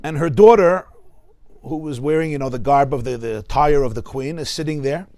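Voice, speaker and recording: A man's voice: a little high, a little fast, dark tone. A man with a New York accent, a rabbi giving a Torah class in a study hall, emphatic and repeating words for stress.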